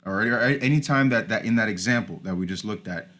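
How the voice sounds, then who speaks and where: A man's voice: lowish voice, fairly quick, fairly bright tone. A man teaching a recorded lesson over slides, informal, often starting with "all right" and correcting himself.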